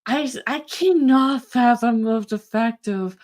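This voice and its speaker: Woman co-host, unhurried, profane, loose casual delivery. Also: on the high side, a little mellow. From partly Southern US. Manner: casual, swears a lot, trails off and restarts. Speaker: co-host reviewing an episode. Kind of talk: casual live-stream chat.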